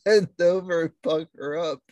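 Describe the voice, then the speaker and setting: A young man co-hosting a casual podcast, teasing and deadpan. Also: on the high side, moderate pace, muffled recording. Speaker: podcast co-host.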